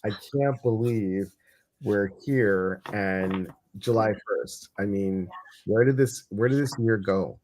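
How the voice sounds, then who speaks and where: A man's voice: on the low side, takes it slowly, darkish tone, a little hiss or hum. Chatty, upbeat male live-stream host. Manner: chatty, enthusiastic, greets viewers often. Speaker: co-host of a weekly card reading show. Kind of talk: casual live-stream chat.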